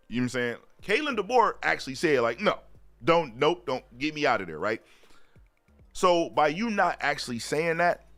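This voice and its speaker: A man hosting a live-stream sports talk show, chatting loosely in slang, reading viewer comments aloud and shouting out viewers. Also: medium pitch. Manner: loose slang-heavy chat, repeats "you know what I'm saying".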